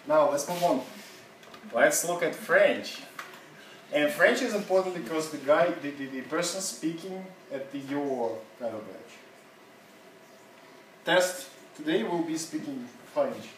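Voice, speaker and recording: A man teaching an English seminar in a chatty, laughing, halting way. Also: fairly high pitch, animated, a little hiss or hum. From Russia. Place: classroom. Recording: roomy classroom, mic far off.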